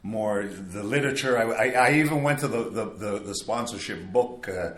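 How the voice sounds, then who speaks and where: A man's voice: fairly low pitch, moderate pace, a bit bright. An older man sharing his recovery story at a meeting in a rambling, casual way, with wry asides. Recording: echoey room, faint background.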